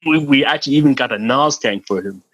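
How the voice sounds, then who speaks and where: A middle-aged man, a podcast guest, telling a story in a casual, animated way, laughing and swearing freely and often repeating words. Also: medium pitch, quick pace, no echo, muffled recording.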